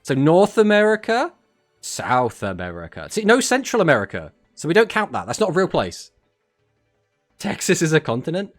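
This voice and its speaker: A man's voice: high-pitched, very animated, brisk, faint music behind. A man with an English accent, casting a card tournament on a live stream, chatting and joking as he reads out and answers messages from his chat.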